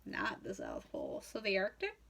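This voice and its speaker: A woman's voice: medium pitch, huge pitch swings, moderate pace, gravelly, bright, forceful tone. A drunk young woman retelling a classic novel in a rambling, profane, casual way. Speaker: comedic host retelling a novel. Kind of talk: tipsy casual storytelling.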